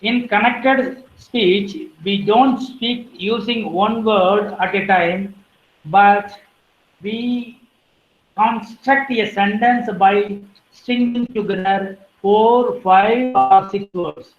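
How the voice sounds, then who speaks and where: Female lecturer, measured and unhurried, reading out terms; roomy, muffled recording. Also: mid-range voice. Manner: deliberate, lists terms one by one, clears throat now and then. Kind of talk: academic lecture on phonetics.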